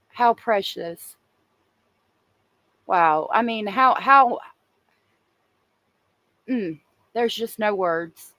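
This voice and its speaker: A woman's voice: mid-range voice, a bit bright, no echo. A woman hosting a true crime livestream, talking casually and emotionally and answering viewers in the chat.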